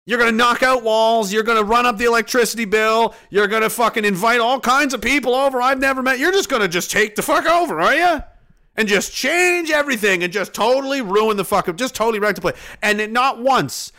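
High bright-voiced man ranting angrily. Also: fairly quick. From Canada. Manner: profane, heated, mocking voices of others. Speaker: streamer ranting on live stream. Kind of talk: angry political rant.

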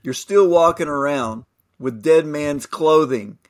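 A man co-hosting a Bible discussion podcast, thoughtful and halting, reading scripture aloud. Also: fairly high pitch. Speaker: podcast co-host.

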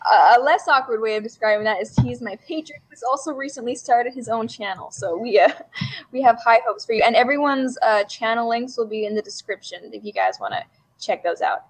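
A woman's voice: a little high, moderate pace, rough recording. A woman hosting a livestream discussion, chatty and hedging with fillers. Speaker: stream host.

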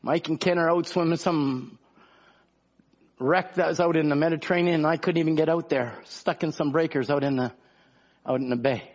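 A man's voice: fairly high pitch, steady tone, moderate pace, highs cut off. A man preaching a sermon in an impassioned, conversational way, full of rhetorical questions. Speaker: pastor.

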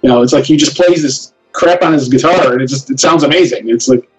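Man, band member, eager halting chat, set back from mic. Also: mid-range voice, recorded from a distance, soft background music, poor audio. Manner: excited, halting restarts. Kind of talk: casual podcast chat.

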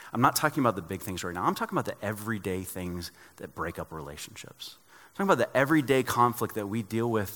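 A man preaching a sermon, telling stories with lively acted-out dialogue. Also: fairly low pitch, big-room sound. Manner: animated storytelling, acts out dialogue. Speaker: pastor.

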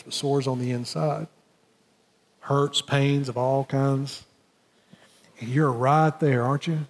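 A man with a high voice preaches in a church, his words carried by a long hall reverb. He swings from hushed, low phrases to loud, emphatic questions. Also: husky. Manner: emphatic preacher, drops soft and rises loud. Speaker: pastor. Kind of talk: sermon. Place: church sanctuary.

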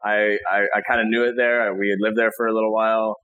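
A man's voice: fairly low pitch, flat delivery, fast talker, fairly bright tone, lo-fi sound. A man in his thirties, a guest on an interview show, talking in a friendly, rambling way with many restarts. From Canada. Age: 30s. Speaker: guest, real estate broker. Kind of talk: casual interview chat.

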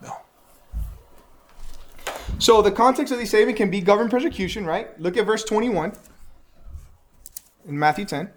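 A man teaching a Bible lesson to a class, animated and asking his listeners questions as he goes. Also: high voice, normal speed, pauses often, a little hiss or hum.

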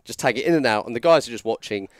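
A man's voice: medium pitch, animated, very fast, no room sound, clean studio sound. A man, telling a wrestling story on a podcast in a rambling, self-mocking way. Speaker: podcast co-host, former wrestler. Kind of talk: casual storytelling chat.

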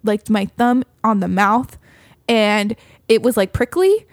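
A woman's voice: medium pitch, lively intonation, a little slow, dry recording, studio quality. A woman telling a story in casual chat, laughing often and acting out what people said.

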